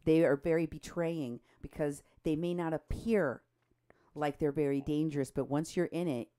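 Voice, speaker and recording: A woman co-hosting a political talk show, animated and indignant, her voice jumping up when she is outraged. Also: low-pitched, moderate pace, slight background noise. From Mexico. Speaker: co-host.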